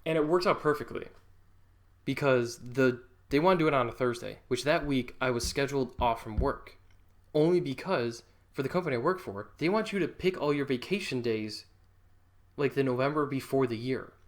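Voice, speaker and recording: A man's voice: medium pitch, animated, moderate pace. A young man chatting casually through a storytime vlog, rambling and dropping lots of likes.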